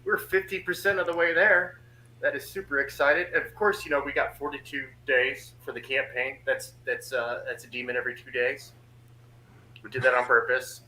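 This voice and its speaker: A man talking casually and excitedly on a podcast, rambling with lots of restarts. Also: mid-range voice, moderate pace, echoey room, slight background noise, poor audio.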